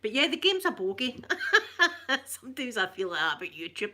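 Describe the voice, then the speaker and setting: A woman's voice: fairly high pitch, very animated, normal speed, pushed and bright. A middle-aged woman with a Glaswegian Scottish accent, chatting casually with her live stream viewers, greeting them by name and laughing often. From Scotland.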